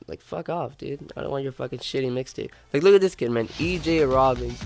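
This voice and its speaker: A man's voice: mid-range voice, fast. A young man with a cold, casually commentating a racing game and cursing at his rivals and his phone. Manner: swearing, animated outbursts at the game. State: sick, congested. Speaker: gaming YouTuber. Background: faint background music.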